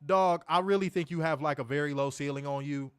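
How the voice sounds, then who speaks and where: Livestream wrestling reviewer, male, lively and profane, higher-pitched, dry mic. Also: brisk, clean tone, no room sound. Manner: animated, profane, slangy, reads chat aloud.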